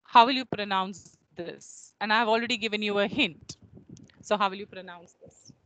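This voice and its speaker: A woman teaching a phonetics lesson over a video call, speaking slowly and repeating words to model how they are pronounced. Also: mid-range voice, a bit bright, no echo, poor audio. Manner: slow and measured, repeating words to model pronunciation. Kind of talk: online phonetics lecture.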